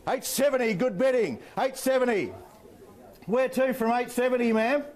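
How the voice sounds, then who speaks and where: An Australian man working as an auctioneer, calling bids in a rapid rhythmic patter with playful banter to the bidders. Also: very high voice. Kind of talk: live property auction calling.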